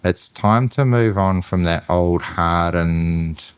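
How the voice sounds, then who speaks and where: A podcast host with a New Zealand accent talks in a very low voice. He is earnest and enthusiastic and rambles a little. The sound is dry and close to the mic. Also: slow, smooth, no room sound. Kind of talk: casual chat.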